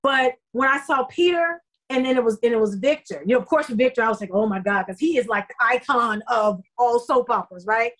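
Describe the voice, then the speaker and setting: A middle-aged woman with a fairly high voice tells stories from her acting life. She talks in an effusive, animated way, full of fillers. This is a casual interview chat. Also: brisk, few pauses, rough recording. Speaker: soap opera actor, interview guest.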